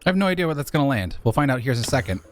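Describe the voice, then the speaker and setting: Animated man joking through a build. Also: racing, no echo, faint music behind. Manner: animated and jokey, voice jumping high when exclaiming. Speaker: Minecraft YouTuber. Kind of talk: casual gameplay commentary.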